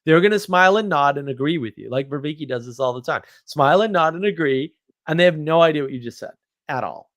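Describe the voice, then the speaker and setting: A man's voice: a little high, animated, fast, a bit bright, no echo. A man hosting a casual, rambling chat, blunt and self-deprecating, joking as he talks. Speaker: host.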